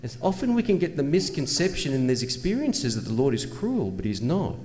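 A man's voice: a little high, big pitch swings, fairly quick, a little mellow. A man preaching a sermon in an earnest manner, asking rhetorical questions and pressing his points with emphasis. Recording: long reverb, faint ambient noise.

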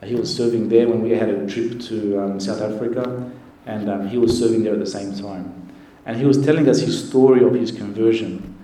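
A man, a priest, giving an earnest, gentle sermon with pauses. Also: lowish voice, fairly even intonation. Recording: echoey church with faint noise.

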